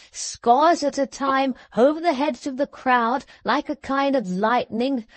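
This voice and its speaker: A female audiobook narrator with a fairly high voice, reading at a slow, deliberate pace. The sound is close and dry, with no room around it. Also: no echo. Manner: steady, measured storytelling. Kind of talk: scripted narration.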